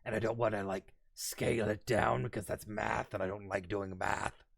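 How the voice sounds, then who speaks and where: A man in his thirties voicing a growly, deep male demon while chatting casually on a stream. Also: little pitch movement, moderate pace, no echo, clean studio sound. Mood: menacing-silly. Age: 30s. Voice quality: gravelly, creaky. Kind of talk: casual stream chat in a put-on voice.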